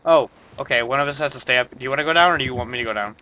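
A young man co-hosting a let's play in a bright, forward voice. He is excitable and panics fast under pressure, but his pitch stays in the middle range. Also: lo-fi sound. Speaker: gaming co-host. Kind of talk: casual let's play banter.

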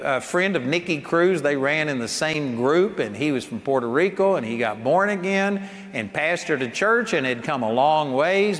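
Older male preacher, high-pitched voice, folksy and emphatic, long hall reverb with faint hiss behind. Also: fairly bright tone. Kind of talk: sermon.

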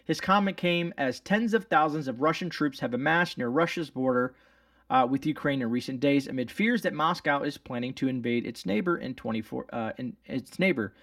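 A man's voice: medium pitch, normal speed, fairly bright tone, no echo, clean studio sound, far from the mic. Rambling, sarcastic man reading the news. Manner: rambling, sarcastic, frequent fillers and restarts. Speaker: channel host. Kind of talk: casual commentary reading news aloud.

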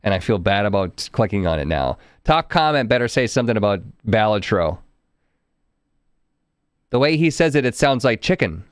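A man's voice: lowish voice, sing-song, normal speed, clean tone, dry recording, studio quality. A man from Arkansas streaming a card game, chatting to his viewers in a wry, profane way. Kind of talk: casual live-stream game commentary.

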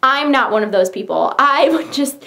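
Bubbly young woman vlogger, slightly high voice, gushing casual show-and-tell. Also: expressive, moderate pace, gravelly, sharp tone. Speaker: YouTuber.

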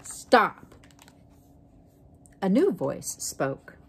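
Woman, storybook reader, reading aloud, expressive, slow, low voice. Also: slightly rough. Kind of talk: reading a picture book aloud.

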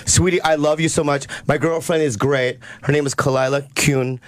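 A man's voice: fairly high pitch, fairly even intonation, moderate pace. A man, a comedian guest on a radio show, rambling in a flustered, sheepish way. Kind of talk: radio studio banter.

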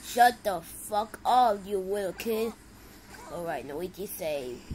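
Excitable woman reacting with lively outbursts. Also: mid-range voice, takes it slowly, slight background noise, rough recording. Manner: excitable, exclaiming, swings from loud outbursts to mumbling. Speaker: video reaction creator. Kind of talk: casual reaction commentary.

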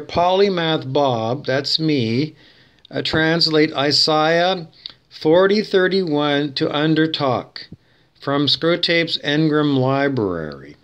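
A man hosting a talk show, rambling and digressing as he thinks aloud, with many fillers and restarts. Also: fairly high pitch. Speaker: show host. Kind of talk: rambling casual monologue.

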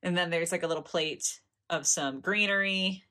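Bright-voiced gushing American woman vlogger. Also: on the low side, normal speed. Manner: chatty, gushing, giggly. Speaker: doll collector vlogger. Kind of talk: casual unboxing vlog.

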